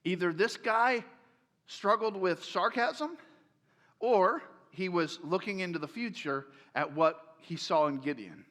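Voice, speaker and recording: A man's voice: sits high, animated, unhurried, a bit bright, long reverb tail. A male pastor preaching a sermon in a casual, joking storytelling way, in a large church.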